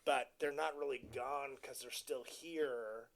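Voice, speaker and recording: A man's voice: medium pitch, steady tone, takes it slowly, fairly bright tone. Casual man explaining plot, mimicking dialogue. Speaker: podcast co-host. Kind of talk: casual movie commentary chat.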